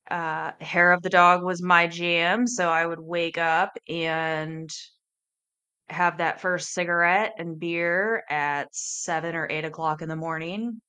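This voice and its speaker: A woman in her thirties, a life coach hosting a podcast, telling her personal story in a candid, emotional, halting way. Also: lowish voice, sharp tone, clear, resonant tone.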